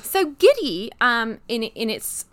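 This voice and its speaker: British woman, podcast co-host, bright crisp voice, chatty and filler-heavy. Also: fairly high pitch, big pitch swings, slow pace. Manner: chatty, with frequent fillers and giggles. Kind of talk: casual chat explaining word origins.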